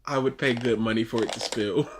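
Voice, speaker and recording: A man's voice: medium pitch, a little fast, a little hiss or hum. A man co-hosting a casual reaction chat, mocking and laughing as he comments. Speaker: co-host reacting to video.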